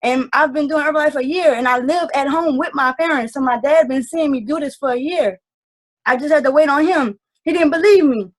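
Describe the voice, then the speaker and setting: A woman with a slightly high voice shares her takeaways on a video call. She speaks earnestly and loosely, often filling pauses with "um". The tone is casual and heartfelt. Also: rough recording. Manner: earnest, rambling, lots of fillers. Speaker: team member sharing takeaways.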